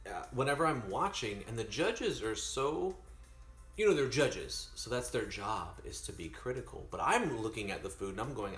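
A man chatting casually to his stream while baking, rambling and animated. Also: medium pitch, moderate pace, echoey room, soft background music.

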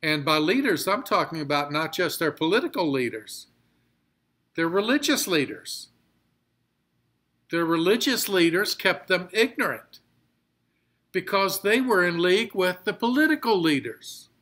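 Pastor guy teaching bible study, kinda high voice, talks real slow, repeats stuff for emphasis. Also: very animated, bright, forceful tone. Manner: reads scripture slowly, then explains it with emphatic repetition.

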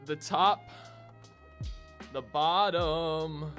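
A man's voice: a little high, very slow, fairly bright tone, faint music behind. A young man chatting casually to viewers as he unboxes a console, a bit out of breath. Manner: chatty, talks to viewers as y'all. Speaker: gaming YouTuber.

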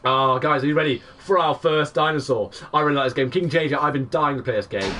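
A man in his twenties streaming a game live, excitable and chatty, greeting viewers by name. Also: medium pitch, fast, hardly any pauses, distant mic, slight background noise. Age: 20s. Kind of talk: live gaming stream commentary.

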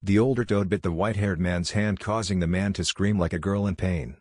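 A man narrating a fan-fiction story aloud in an even, unhurried reading. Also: low voice, dry recording, clean studio sound.

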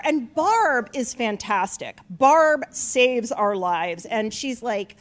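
A middle-aged woman telling a comic personal story to an audience, profane and animated, rising to near-shouts at the punchlines. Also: fairly high pitch, slow, few pauses, noisy background. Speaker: author telling a story at a live event.

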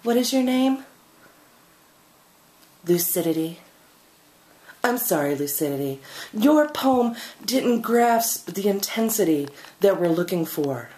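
A woman imitating a dismissive tryout judge who speaks quietly and condescendingly. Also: mid-range voice, expressive, slow pace, pauses often, echoey room.

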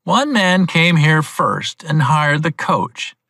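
Grudging stableman voiced by a man: slow, sullen, dry close read. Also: on the high side, big pitch swings, sharp tone, no echo, full character voice. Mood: surly. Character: surly, grudging male stableman, slow-spoken.

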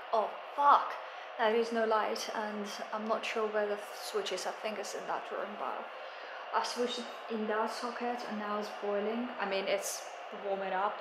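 A woman's voice: mid-range voice, recorded from a distance, background noise. Anxious swearing woman in an echoey room. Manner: anxious, swearing, venting frustration. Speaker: home renovation vlogger. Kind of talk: casual vlog talk to camera. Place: house under renovation, indoors. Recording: very echoey empty room, from afar, with music.

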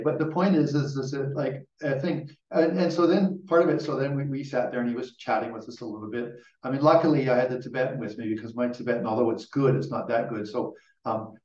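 A middle-aged male lama tells stories during a Dharma teaching in an informal, rambling way, often restarting his sentences. His voice sits at an ordinary pitch and comes from some distance off the mic. The sound is roomy and a bit dull. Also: a little mellow. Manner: rambling, informal storytelling with frequent restarts and laughter. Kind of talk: Dharma teaching with personal anecdotes.

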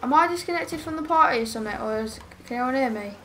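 A woman gives live gameplay commentary into a headset mic. Her voice sits high and she talks quickly and chattily, often exasperated and scolding a teammate. A faint background hiss runs underneath. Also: animated, pushed and bright. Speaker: game streamer.

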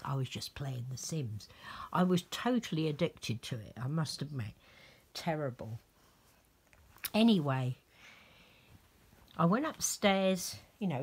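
A middle-aged woman chatting through a rambling home story, slipping into soft whispers as she dresses a doll. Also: low voice, husky. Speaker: vlogger dressing a reborn doll.

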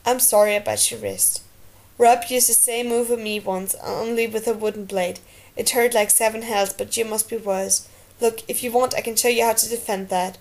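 A woman reading aloud and voicing an eager, bold young man of a sworn brotherhood, with a raised, excited delivery. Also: a little high, normal speed, close to an everyday voice. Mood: earnest.

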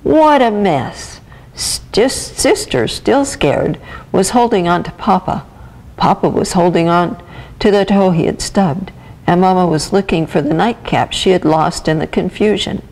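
A woman's voice: fairly low pitch, unhurried, poor audio. Woman reading a children's picture book aloud. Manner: gentle, expressive storytelling. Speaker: volunteer reader.

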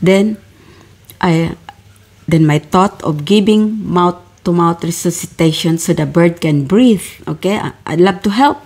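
Husky-voiced woman giving fervent testimony. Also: lowish voice, measured pace, darkish tone. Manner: fervent and repetitive, addresses listeners as beloveds. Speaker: spiritual storyteller. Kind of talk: personal testimony narration.

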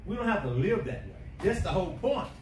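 A man preaching a sermon, emphatic, swinging between quiet asides and shouting. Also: high voice, very animated, fast. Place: church sanctuary. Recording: echoey church from a distance, faint hiss.

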